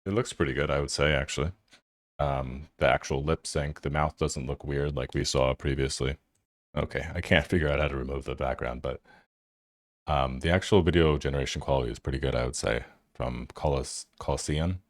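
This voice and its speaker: A man's voice: very deep voice, steady tone, fairly quick, dry recording, clean studio sound. A man hosting a tech channel, giving loose, casual commentary over his screen and thinking aloud with fillers.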